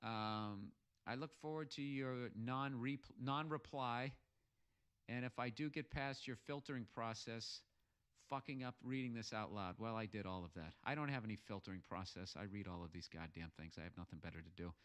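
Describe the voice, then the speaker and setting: A man's voice: on the low side, normal speed, a bit bright, clean tone. An American man hosting a podcast, ranting sarcastically and swearing heavily while reading out listener messages. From United States. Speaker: podcast host. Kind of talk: profane comic rant reading listener messages.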